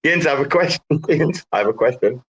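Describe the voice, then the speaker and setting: Husky, jokey man in chat. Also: fairly high pitch, animated, quick pace. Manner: jokey, interrupting, laughing. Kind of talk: casual group chat.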